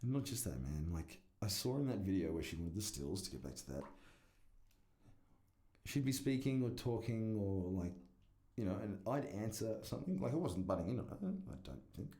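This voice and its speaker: A man's voice: fairly low pitch, sing-song, moderate pace, mellow. A man, rambling and swearing through a casual solo podcast. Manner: rambling, profane, self-deprecating. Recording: echoey room.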